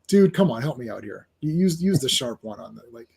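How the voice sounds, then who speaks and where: A man hosting a casual comic book review chat, excitable and rambling as he talks through the pages. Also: mid-range voice, a little fast, creaky, slightly rough. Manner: excitable, rambling with fillers and restarts.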